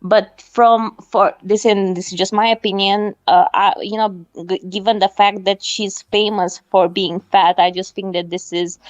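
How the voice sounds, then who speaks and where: A woman guest on a livestream, giving her opinions in a measured, hedging way with many fillers. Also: mid-range voice, steady tone. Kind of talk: casual opinionated chat.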